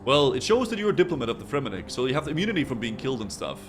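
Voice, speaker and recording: A man's voice: medium pitch, big pitch swings, racing, noisy background. A man voicing a rude, scornful pirate sailor in a fantasy game, talking in a blunt, dismissive way. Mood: explaining.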